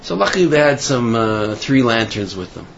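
A man delivers an informal sermon, telling a parable in a halting way full of fillers and restarts, and he raises his pitch when he acts out the characters. His voice has a gravelly edge. The recording is dull and lo-fi, with a faint hum of noise behind him. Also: very animated. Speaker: rabbi giving a talk.

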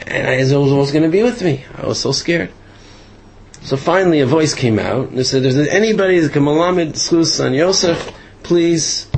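A man's voice: medium pitch, vocal fry, husky, low-quality recording. A man casually telling a long story aloud, rambling with many fillers and restarts.

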